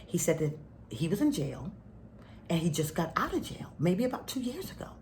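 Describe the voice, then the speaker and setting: Speaking to her spiritual followers, a middle-aged woman uses a lowish, lively, swooping voice at a moderate pace. She tells stories with feeling, often sinking to a hushed near-whisper when the point turns heavy. There's slight background noise.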